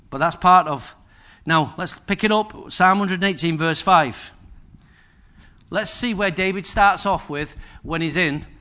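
A man's voice: a little high, pushed and bright. A male pastor preaching a sermon in a humorous, conversational way, full of repetition and asides to the congregation. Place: church service.

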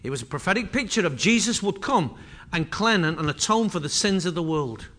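A man's voice: sits high, animated, fairly quick, fairly bright tone. A man preaching a sermon with impassioned, repetitive delivery that swells and drops in intensity.

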